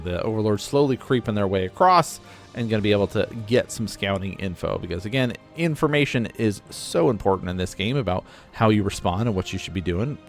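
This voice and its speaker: A man's voice: on the low side, a little mellow. A man giving casual play-by-play commentary on a real-time strategy match, explaining the strategy as he goes. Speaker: game caster.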